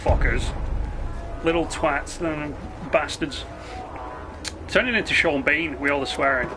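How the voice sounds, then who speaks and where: A man's voice: on the high side, unhurried, over music. A man streaming a game, ranting in a sarcastic, sweary, rambling way. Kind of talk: casual rant while gaming.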